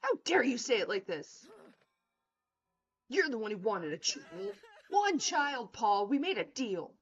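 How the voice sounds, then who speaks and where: A woman's voice: on the high side, sing-song, normal speed. A woman voicing a furious wife who argues in a raised, indignant voice, on a slightly dull recording. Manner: raised, indignant, near shouting. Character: furious, defensive wife arguing with her husband.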